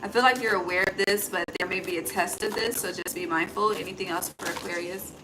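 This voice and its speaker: A fast-talking woman with a fairly low voice gives a casual card reading as an intuitive tarot reader. She's chatty, thinks out loud, swears, and calls the listener honey, all over steady background noise.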